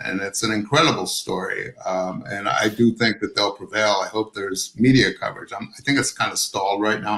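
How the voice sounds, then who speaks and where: In this video-call interview, the guest is a male author whose low-leaning, slightly bright voice comes through roomy, poor-quality audio. He talks haltingly, often restarting and leaning on fillers.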